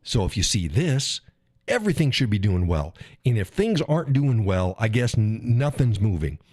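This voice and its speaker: On his own live stream, a man with a lowish voice speaking at normal speed goes on a casual political rant, swearing heavily and animatedly impersonating frustrated drivers. Dry, clean studio recording.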